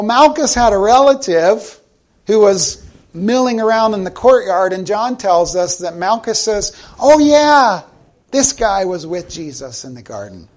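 A middle-aged man from South Carolina, preaching a sermon in a conversational storytelling way and slowing down for emphasis. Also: sits high, a little mellow. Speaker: pastor.

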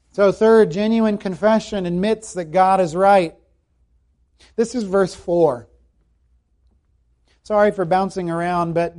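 A man preaches with a fairly high voice, earnest and emphatic. He repeats key phrases for weight and sometimes sinks to a hushed tone when quoting scripture. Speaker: pastor. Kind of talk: sermon.

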